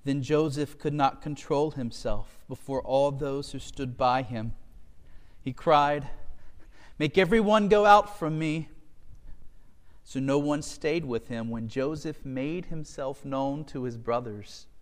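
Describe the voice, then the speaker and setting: A man's voice: mid-range voice, fairly even intonation, measured pace, in a large hall. A man preaching a sermon and reading scripture in an earnest, emotional way. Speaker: pastor.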